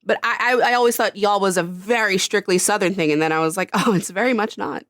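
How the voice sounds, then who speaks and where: A woman in her thirties from Queens with a New York accent, co-hosting a podcast in animated, laughing, profane casual chat. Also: mid-range voice, quick pace, dry recording, studio quality. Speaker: podcast co-host.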